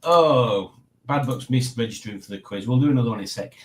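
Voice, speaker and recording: A man's voice: medium pitch, fast, low-quality recording. A man talks casually on a live stream. He reads viewer comments aloud and chuckles often between remarks. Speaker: livestream host.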